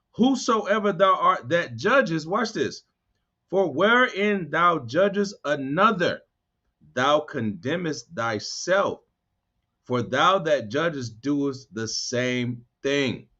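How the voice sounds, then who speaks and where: A man leading a bible study, reading verses slowly and then explaining them in loose, animated street talk. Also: on the high side. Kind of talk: scripture study teaching. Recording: dull lo-fi sound.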